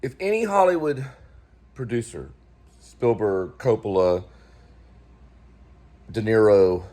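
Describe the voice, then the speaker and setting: A man's voice: lowish voice, very animated, slow pace, warm tone, a little hiss or hum. A man hosting his own show, talking casually through a film production meeting, thinking aloud in a rambling way with restarts. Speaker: filmmaker and show host.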